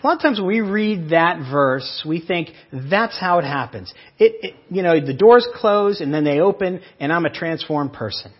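Pastor guy giving a sermon, kinda breathy, muffled lo-fi audio. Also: a little high, lively intonation, normal speed, hardly any pauses. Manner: earnest, explanatory storytelling.

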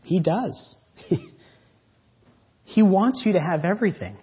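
A man preaching a sermon as pastor, swinging between loud emphatic lines and soft drawn-out words. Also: high-pitched, sing-song, breathy edge. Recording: dull lo-fi church audio.

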